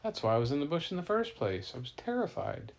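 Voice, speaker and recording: A man's voice: fairly high pitch, big pitch swings, fast talker, vocal fry, slight background noise, voice pushed up. A man voicing a timid, curious young female snake in a bedtime story, speaking with wide-eyed wonder. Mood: nervous.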